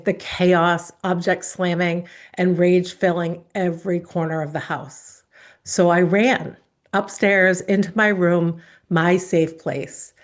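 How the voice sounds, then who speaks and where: Earnest woman telling a personal story. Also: fairly low pitch. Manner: earnest, emotional, dramatic pauses. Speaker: speaker.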